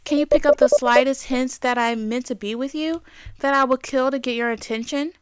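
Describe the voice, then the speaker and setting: A woman voicing an obsessed male stalker boyfriend from a game, talking quietly, gently and unsettlingly. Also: high voice, fairly even intonation, moderate pace, smooth, dry recording, lightly acted. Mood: insistent.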